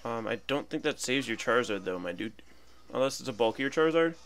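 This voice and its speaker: Bright-voiced man commentating a game. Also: medium pitch, animated, fairly quick, soft background music. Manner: chatty, thinks aloud, playful asides. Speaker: gaming commentator.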